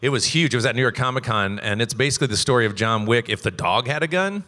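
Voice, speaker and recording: A man's voice: mid-range voice, expressive, quick pace, pushed and bright, big-room sound. A man who voice-acts, rambling animatedly through stories on a convention panel stage. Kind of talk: casual panel talk.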